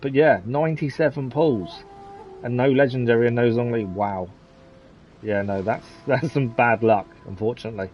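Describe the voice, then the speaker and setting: A man's voice: medium pitch, moderate pace, muffled recording, slight background noise. A man commentating casually on a live game stream, chatty and chuckling often as he answers his chat.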